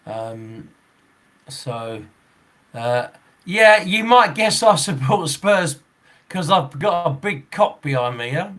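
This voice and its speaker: A man's voice: on the high side, expressive, slow pace, a bit bright. A man in his sixties, a football referee hosting a podcast, chatting casually in a rambling way, chuckling often and restarting his sentences. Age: 60s.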